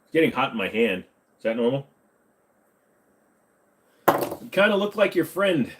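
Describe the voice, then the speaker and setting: A man hosting a casual live stream from his home computer room at a desk mic, answering viewer questions with jokes. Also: mid-range voice. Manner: slips into a bad Southern accent. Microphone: desk microphone.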